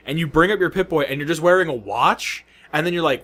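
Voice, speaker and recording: A podcast co-host with a fairly high-pitched voice talks fast, barely pausing, as he chats casually. He retells events in an animated, profane way, swearing heavily and acting out the reactions he quotes.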